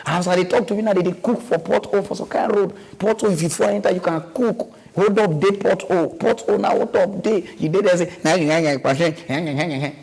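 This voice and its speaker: A man with a Nigerian accent hosting a mock news show, rambling in animated comic commentary and mixing in pidgin. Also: high-pitched, fast talker, gravelly, hardly any pauses, slightly rough, rough recording.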